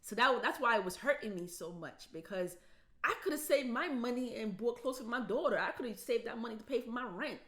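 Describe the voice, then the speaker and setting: A woman's voice: medium pitch, fairly bright tone. A woman from the United States telling a story in a casual vlog, emotional and repetitive, her voice cracking with tears. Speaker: vlogger.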